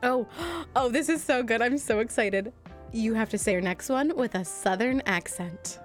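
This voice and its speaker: A woman's voice: fairly high pitch, normal speed, faint music behind. A woman co-hosting a casual podcast, bubbly and giggling often between lines. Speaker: podcast co-host. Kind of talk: casual chat, party game.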